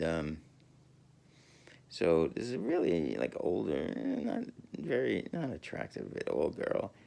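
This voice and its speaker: A man rambling through a casual monologue, halting often with fillers and restarts and chuckling as he talks. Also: low voice, gravelly, a little mellow. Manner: chuckles while talking. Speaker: podcaster.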